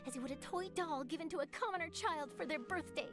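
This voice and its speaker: A bubbly young reporter. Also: female voice, high-pitched, fast talker, fairly bright tone. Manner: chatty, dramatic storyteller. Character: bubbly young female reporter, self-assured. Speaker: journalist. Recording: game audio with faint music.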